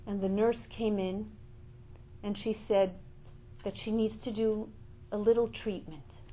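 A woman's voice: mid-range voice, flat delivery, a little slow, mellow. An older woman giving an inspirational storytelling talk, emphatic and full of repeated rhetorical questions. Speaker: inspirational speaker.

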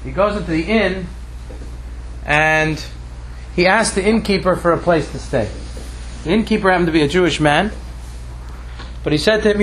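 A man with a fairly high voice tells a traditional Jewish story and draws a lesson from it, voicing the characters with lively vocal shifts. He speaks at a moderate pace with long pauses. The recording is low quality, with a faint hiss underneath.

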